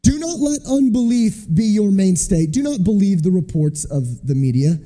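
A man's voice: high-pitched, very animated, normal speed, warm tone. A man preaching a sermon in a conversational storytelling way, acting out the voices of the people he quotes. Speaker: preacher, missionary. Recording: long reverb of a large hall.

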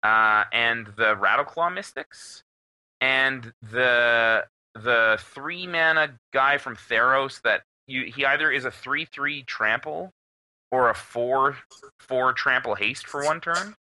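A young man co-hosting a podcast, telling a story in a casual, animated way with plenty of swearing. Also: medium pitch, slow. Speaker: podcast co-host. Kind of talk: casual chat.

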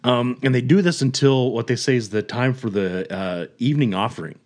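A man casually retelling a story on a podcast, animated, chuckling and acting out quotes. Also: mid-range voice, brisk. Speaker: podcast host.

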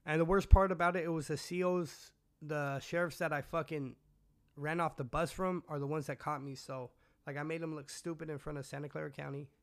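A man from California tells his story in a loose, rambling way, swearing constantly and dropping slang as he goes. His voice sits a little high for a man. It is an interview, and he is the guest. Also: fairly even intonation, a little fast. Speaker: guest recounting his past. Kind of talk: casual storytelling.

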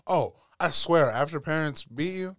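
A young man, a podcast guest, chatting casually and telling animated stories with playful voice impressions. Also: a little high, moderate pace, no echo, clean studio sound. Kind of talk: casual chat.

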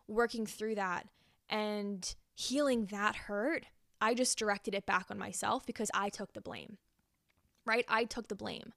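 A woman's voice: medium pitch, a bit bright, dry recording, studio quality. A young woman hosting a podcast, talking earnestly through a reflective self-help monologue and repeating phrases for emphasis. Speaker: podcast host.

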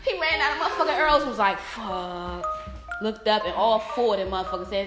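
High, lively woman telling a story. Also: fairly quick. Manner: profane, animated storyteller acting out quotes. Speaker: TV show fan in group chat. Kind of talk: casual chat. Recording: echoey room with loud music behind.

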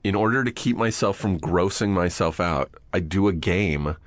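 Deep-voiced and moderately paced, a man hosting a podcast shares profane, self-mocking stories in casual chat, acting out his own muttering along the way. The sound is studio quality with no echo.

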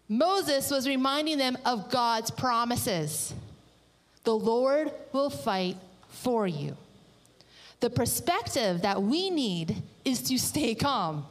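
A woman's voice: a little high, takes it slowly, long reverb tail, poor audio. A woman pastor preaching a sermon, reading scripture and adding chatty, playful asides.

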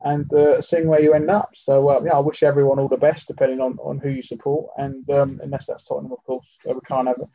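A man's voice: mid-range voice, level tone, fast, few pauses, dry recording, highs cut off. A man talking as a podcast guest in casual football chat, rambling and leaning on fillers and restarts.

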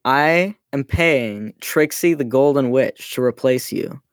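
Woman co-host, sarcastic teasing chat, very slow delivery, dry close sound. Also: a bass voice, no echo. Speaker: podcast co-host. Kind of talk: casual podcast chat.

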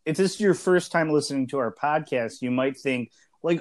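A man's voice: on the high side, expressive, moderate pace, darkish tone. Man in his early thirties, chatty podcast co-host. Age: early 30s. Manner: conversational, frequent fillers and restarts. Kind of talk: casual podcast discussion.

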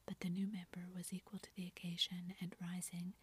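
A woman narrating a classic story in a soft, steady whispered role-play. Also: fairly low pitch, fairly quick. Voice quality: breathy whisper.

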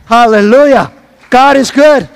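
Male pastor, high voice, repetitive, call-and-response sermon, heard off-mic in a long-echo hall. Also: measured pace, creaky, clean tone. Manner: preaching with call-and-response asides; repeats phrases for emphasis, some stumbles.

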